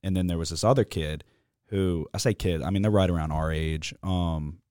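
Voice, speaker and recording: A man's voice: low voice, normal speed, dark tone, clean tone, no echo, studio quality. A young man hosting a casual sports podcast, telling stories bluntly and cursing freely. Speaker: podcast host.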